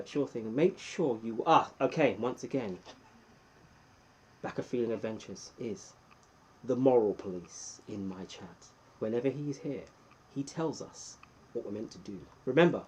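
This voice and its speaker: A man hosts a casual live stream from home, reading out viewers' names and cheering them on. His voice is warm and mellow with a slightly husky edge, and he jumps into excited bursts between relaxed chatter. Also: medium pitch, rough recording. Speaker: livestream host.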